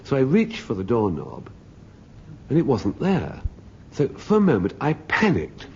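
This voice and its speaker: A man's voice: mid-range voice, wildly swooping pitch, measured pace, warm tone. A middle-aged man telling a wry, droll comic anecdote as a panelist on a radio panel show. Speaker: comedy panelist. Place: radio studio with audience. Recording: dull 1970s radio broadcast with faint hiss.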